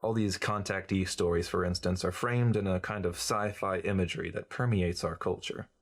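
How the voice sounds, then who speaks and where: A man's voice: sits low, fairly even intonation, normal speed. A man reading as a glib, cynical journalist who lectures breezily in an audiobook. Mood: lecturing. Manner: breezy, lecturing, know-it-all.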